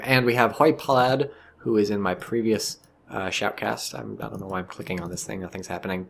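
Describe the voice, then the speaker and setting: Rambling, joking male game shoutcaster. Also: lowish voice, fairly even intonation, fairly quick, gravelly, soft background music. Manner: rambling, joking, swears freely. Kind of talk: casual strategy game commentary.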